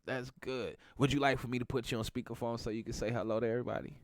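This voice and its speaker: A man's voice: medium pitch, fairly even intonation, racing, dry recording. A middle-aged man with a stuffy nose from a cold, hosting a casual morning talk show in a playful, teasing way. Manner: playful, teasing, laughs a lot. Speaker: podcast host.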